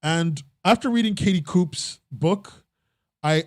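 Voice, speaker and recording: A young man in casual podcast chat, voice sitting a little high for a man. He rambles, restarts his sentences and laughs at his own jokes. The sound is close and dry. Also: a little slow, dry recording. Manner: rambling, self-interrupting, laughs often. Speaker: podcast host.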